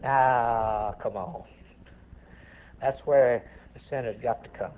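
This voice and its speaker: A man preaching a sermon with impassioned swings between hushed words and rising emphasis. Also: mid-range voice, takes it slowly, long pauses. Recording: tinny phone-like recording.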